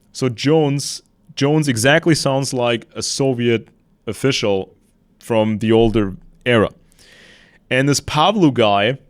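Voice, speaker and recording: A man's voice: medium pitch, no echo. Man talking politics, dry close sound. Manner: conversational, retells a debate with quotes and asides. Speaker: podcast host. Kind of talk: casual political commentary.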